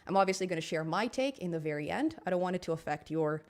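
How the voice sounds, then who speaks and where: A woman hosting a programming live stream, chatting casually with viewers, upbeat and quick to laugh, with a lot of ums. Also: fairly low pitch, lively intonation, darkish tone. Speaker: livestream host of a programming channel.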